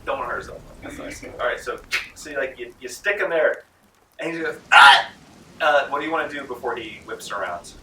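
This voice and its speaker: A man's voice: mid-range voice, fast, bright, forceful tone, a little hiss or hum. A man from North Carolina running a tabletop game as game master, chatting loosely with many fillers. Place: library room. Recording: roomy library room, mic far off.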